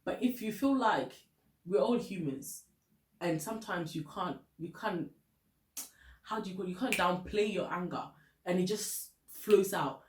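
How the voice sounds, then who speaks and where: A woman's voice: fairly low pitch, unhurried, reverberant, slight background noise. A woman from Ghana with a Ghanaian English accent, chatting candidly and laughing often as she gives relationship advice. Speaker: vlogger giving relationship advice. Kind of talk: casual advice chat.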